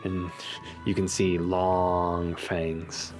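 A man narrating as a tabletop game master in an easygoing, unhurried way, with casual fillers. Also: low voice, monotone, music in the background.

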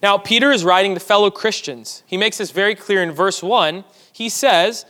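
A pastor preaches to his church in a sanctuary, teaching conversationally and tossing asides to the congregation. His voice sits high, pushed and bright, at a moderate pace with few pauses, carried on a long hall reverb.

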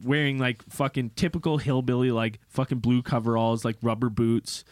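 A young man co-hosting a podcast, telling a story casually, swearing and mimicking people in squeaky voices. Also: steady tone, moderate pace, darkish tone, dry recording, studio quality. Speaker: podcast co-host.

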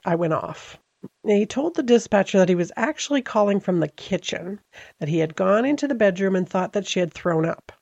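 A middle-aged woman hosts a podcast and tells a true-crime story in an unhurried, conversational way. She sounds earnest and reflective, with a gravelly edge in her voice. The recording is dry and close. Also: mid-range voice, lively intonation, darkish tone, dry recording, dull audio. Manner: earnest, reflective, with frequent ums. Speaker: podcast host.

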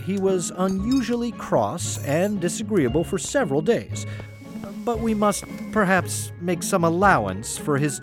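A man reads a fairy tale aloud with a wry, playful touch. His pitch rises and falls a great deal and sits a little high. Faint music plays underneath. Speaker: narrator. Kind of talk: scripted storybook narration.

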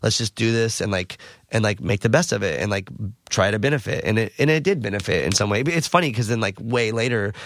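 Male podcast guest, quick rambling storyteller, dry studio sound. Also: on the low side, dry recording. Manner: rambling, animated, heavy use of "like". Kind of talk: casual storytelling.

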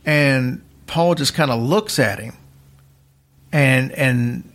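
A man with a mid-range voice tells a story on a podcast. His delivery is casual and rambling, full of restarts and fillers. His pace drifts between quick bursts and slow, drawn-out phrases. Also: mid-range voice, fairly bright tone. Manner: rambling, chatty, restarts sentences, uneven pace.

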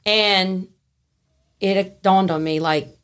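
A woman, a podcast guest telling a story in a frank, animated way and laughing easily. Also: medium pitch, drawn-out words. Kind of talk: casual storytelling.

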